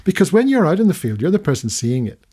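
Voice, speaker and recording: An older man, a retired documentary filmmaker from the United Kingdom, recounting his career as a guest in a long-form radio studio interview, animated and full of restarts. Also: a little high, fast talker, slightly rough. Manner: storytelling, animated when recounting, many restarts.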